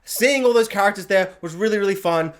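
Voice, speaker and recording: A man giving an excited, rambling film review, jumping into goofy voices as he talks. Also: high-pitched, a little fast.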